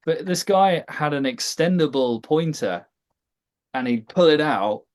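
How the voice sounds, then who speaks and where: Wry podcast guest. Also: male voice, fairly high pitch, expressive, unhurried. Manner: wry storyteller, dry jokes. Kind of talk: casual chat.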